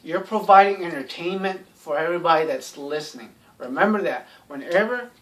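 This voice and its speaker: A man's voice: fairly high pitch, a little fast, a bit bright, far from the mic. A man talking in a casual, rambling monologue, blunt and sarcastic, with lots of "you know" fillers. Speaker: YouTube commentator.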